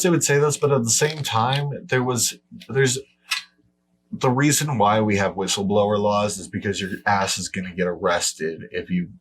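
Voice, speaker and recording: A man's voice: on the low side, a little hiss or hum. A man co-hosting a podcast in casual chat, blunt and profane, dismissing claims outright. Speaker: podcast co-host.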